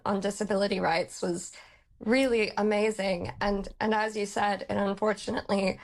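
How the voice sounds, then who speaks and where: A woman from outside the UK, a campaigner, speaking earnestly and in a measured way in a radio interview. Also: medium pitch.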